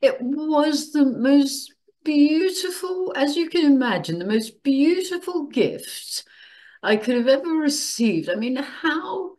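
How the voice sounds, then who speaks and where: A woman's voice: sits high, very animated, slow, darkish tone. An older woman hosting her channel, chatting casually and emotionally, laughing often as she tells a personal story. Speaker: channel host.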